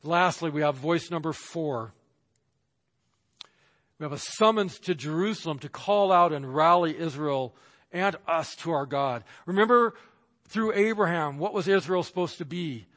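A male pastor preaches with an emphatic, somewhat high voice, acting out the people and voices he quotes. His words ring out with a long reverb, as in a large church sanctuary. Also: measured pace, fairly bright tone. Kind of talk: sermon.

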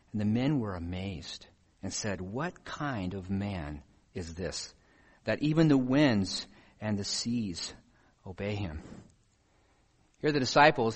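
Man preaching, reading scripture aloud. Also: on the low side. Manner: reads scripture aloud, then asks pointed questions.

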